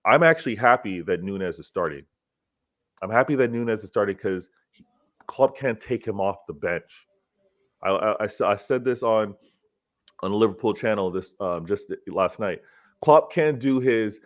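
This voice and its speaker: A low-pitched man chatting about football in a relaxed, measured way. The audio is dull and lo-fi, as if from a basic stream. He fills gaps with easy agreeing murmurs. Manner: relaxed, measured talk with many agreeing fillers. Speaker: co-host. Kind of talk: casual football chat.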